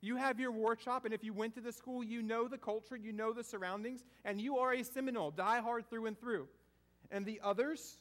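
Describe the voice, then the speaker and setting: A preacher from the American South, his voice extremely high, brisk and somewhat bright, gives a sermon that feels like a conversation. He questions the congregation and repeats important phrases.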